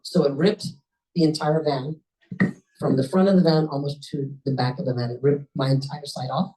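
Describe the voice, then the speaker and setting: A woman at a club meeting telling a personal story in a lively, conversational way, often jumping up in pitch for emphasis. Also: normal speed. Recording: voice a bit distant from the mic.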